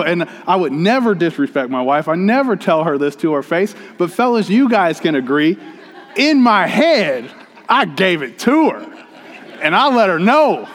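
A male pastor with a fairly high voice gives his sermon as a relaxed, conversational story aimed directly at the congregation. The long reverb of a church hall rings around his words.

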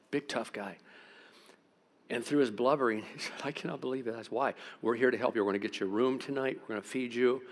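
Animated man preaching a sermon. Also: fairly low pitch. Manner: animated, swings from loud exclamations to quiet intensity. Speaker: pastor. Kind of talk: sermon with storytelling.

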